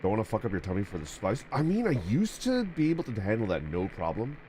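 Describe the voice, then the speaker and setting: Casting: young male streamer, lively swooping delivery, casual and jokey, faint hiss. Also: fairly low pitch, fast talker. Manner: rambling, jokey, animated. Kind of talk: casual gaming commentary.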